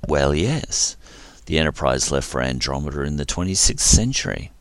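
A man voicing an eager, alert young female officer who speaks quickly, pitched well above his own voice. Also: expressive, smooth, no room sound, studio quality. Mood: explaining.

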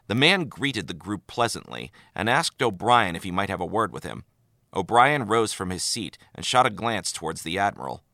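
A male narrator reading a story with lively, expressive delivery. His voice is lowish but bright, recorded close and dry. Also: moderate pace, creaky, no echo. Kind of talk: audiobook narration of fan fiction.

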